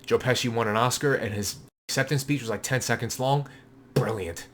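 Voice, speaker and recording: A man's voice: medium pitch, fairly quick, a bit bright, a little hiss or hum. Blunt, rambling man vlogging casually. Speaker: collector showing his movie collection. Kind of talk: casual vlog commentary.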